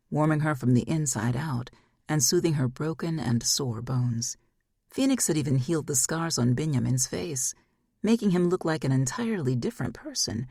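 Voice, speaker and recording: A woman with a low, slightly mellow, husky voice narrates a fantasy audiobook from a script, acting out each character's lines. The recording is dry, with clean studio sound.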